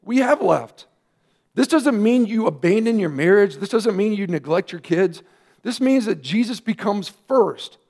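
A man, a pastor, preaching a sermon earnestly, with emphatic rising questions and quieter asides. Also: high voice, animated, measured pace.

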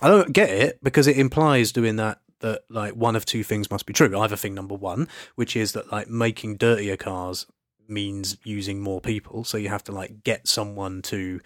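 A man's voice: fairly low pitch, fairly even intonation, moderate pace, dry recording. Rambling man, dry sound. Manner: rambling, absurd, hesitant with fillers. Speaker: podcast co-host. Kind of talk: comic casual chat.

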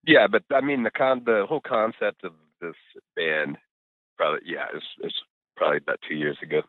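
A middle-aged man with a deep, low voice chats in a laid-back, rambling way, full of fillers and cuss words. He comes through a thin, phone-like remote line with no room sound at all. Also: steady tone, brisk, no echo. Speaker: guest musician. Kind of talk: casual interview chat over a call.

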